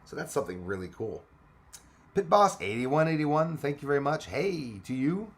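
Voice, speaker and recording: A man's voice: on the high side, big pitch swings, normal speed, gravelly. A man hosting a casual livestream, greeting commenters by name, laughing often and chatting loosely. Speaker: livestream host. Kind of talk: casual live chat with viewers.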